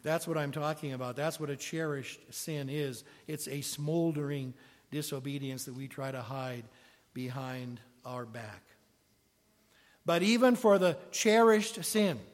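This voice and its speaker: A man preaching a sermon in a conversational way, asking his congregation questions as he goes. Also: fairly high pitch. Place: church sanctuary. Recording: long reverb of a large hall.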